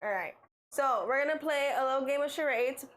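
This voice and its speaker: A woman's voice: high voice, fairly quick, fairly bright tone, low-quality recording. A young woman chatting casually on a livestream, explaining game rules with lots of fillers.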